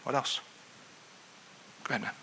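A man's voice: normal speed, pushed and bright, slight background noise. A man preaching a sermon in a conversational way, often stopping to ask his listeners questions. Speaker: pastor. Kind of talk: interactive sermon.

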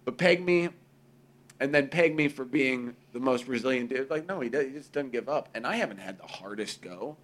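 Animated, profane man chatting casually. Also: medium pitch, moderate pace. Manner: profane, animated, acts out quoted voices. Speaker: podcast co-host. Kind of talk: casual conversation.

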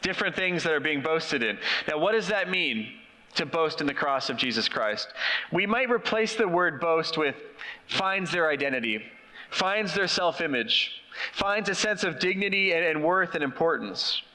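A man's voice: a little high, bright, forceful tone. A middle-aged man preaching a sermon as pastor, conversational and questioning his congregation. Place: church. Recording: long reverb of a church hall.

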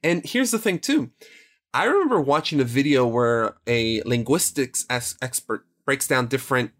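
A man's voice: medium pitch, lively intonation, normal speed, fairly bright tone. A man co-hosting a casual podcast, talking through a film in a rambling, emphatic way and often correcting himself. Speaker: podcast co-host.

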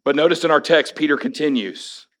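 Hoarse male pastor, forties, personal sermon with wry asides. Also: on the high side, fairly quick, fairly bright tone. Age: 40s. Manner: personal storytelling with wry humor. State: hoarse after illness. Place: church sanctuary.

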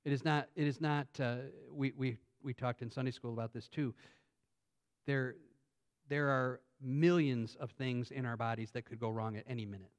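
A pastor preaching an earnest sermon that builds to emphatic points. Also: male voice, medium pitch, fairly even intonation, moderate pace. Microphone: phone on pulpit.

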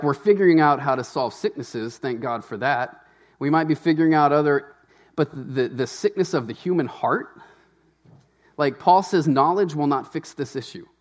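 A man, a pastor, preaching a sermon in a conversational, animated way with asides to the congregation. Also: mid-range voice.

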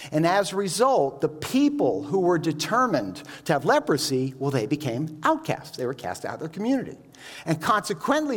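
A man preaching a sermon. He explains each point and keeps asking the listeners rhetorical questions. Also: a little high.

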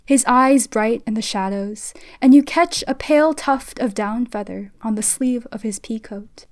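A woman reading a literary short story aloud in a soft, hushed voice that sometimes drops to a whisper. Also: on the high side, unhurried, dry recording. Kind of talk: literary reading in second person.

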